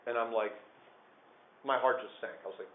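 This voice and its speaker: A man telling a true story to a small group of listeners, animated, swinging between hushed and loud. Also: medium pitch, fairly quick, a little hiss or hum. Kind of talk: live personal storytelling to listeners. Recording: echoey room over a tinny phone-like line.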